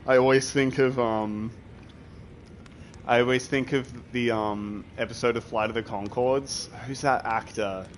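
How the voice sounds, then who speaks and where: A man's voice: mid-range voice, fairly even intonation, unhurried, a little hiss or hum. A young man chatting casually while streaming a video game, rambling and reacting to his chat with laughter and the odd swear.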